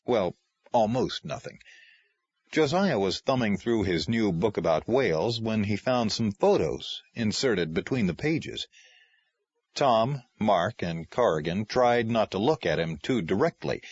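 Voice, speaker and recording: A man narrating a novel as an audiobook reader, with expressive, varied delivery. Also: on the low side, slightly rough, no room sound. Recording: dry, slightly muffled lo-fi.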